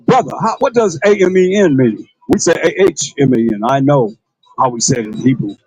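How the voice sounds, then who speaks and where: A man's voice: medium pitch, brisk, a little mellow, breathy edge, no room sound, soft background music, low-quality recording. A man preaching a livestreamed sermon in a casual, repetitive way, full of rhetorical questions and calling on a reader to read. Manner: colloquial, calls on a reader to read. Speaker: priest.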